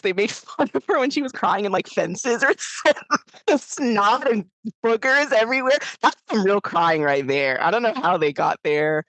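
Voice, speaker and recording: A woman co-hosting a podcast, chatting casually about a film, animated and laughing often as she acts out lines. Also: medium pitch, no room sound, poor audio. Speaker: podcast co-host. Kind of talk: casual film review chat.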